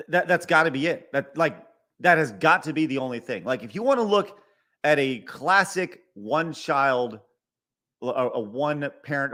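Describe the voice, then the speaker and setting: This podcast host, a middle-aged man, reads super chats aloud during a live-stream rant, exasperated, cursing, stumbling and repeating himself with many stutters and restarts. His voice is fairly high and fairly bright.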